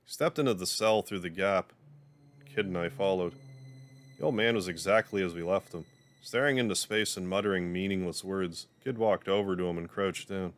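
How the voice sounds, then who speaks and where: A man streaming a game, reading its story aloud in a steady voice and dropping casual asides. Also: low-pitched, moderate pace. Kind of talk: reading a visual novel aloud on a livestream.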